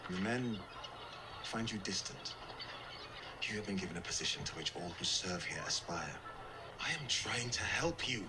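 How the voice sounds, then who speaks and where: An actor playing a stern noble lord in a period drama, speaking in a measured, formal way. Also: male voice, on the low side, animated, music in the background. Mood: grave. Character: stern noble male lord, grave and commanding.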